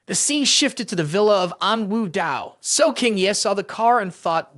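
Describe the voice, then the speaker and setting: A narrator reading a scripted story recap in a brisk, even storytelling manner. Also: medium pitch, no echo, studio quality.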